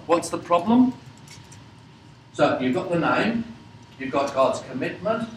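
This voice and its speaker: A man teaches a Bible class at an unhurried pace, putting questions to his listeners and filling pauses with ums and uhs. His voice sits a little high for a man and is heard from a distance. The room is echoey, and a faint background noise runs underneath. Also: animated. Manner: slow, questioning, many fillers.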